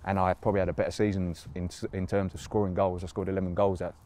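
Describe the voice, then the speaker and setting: A man's voice: low-pitched, little pitch movement, fast talker, dark tone, slight background noise. A man, a footballer reminiscing in a casual interview, rambling with lots of fillers and laughs. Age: 30s.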